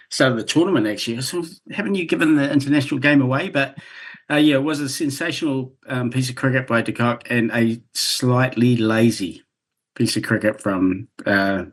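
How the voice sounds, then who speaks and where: Kiwi bloke guesting on a podcast, mid voice, dry humour, bit rambly. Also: male voice, mid-range voice. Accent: New Zealand. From New Zealand. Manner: thoughtful, wry, rambling. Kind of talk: casual chat.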